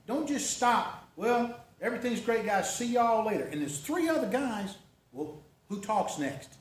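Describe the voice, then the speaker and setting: A man giving a folksy, conversational talk at a club meeting, often checking in with "okay?" and "right?". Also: high-pitched. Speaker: club presenter. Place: meeting room. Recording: echoey room recorded from far off.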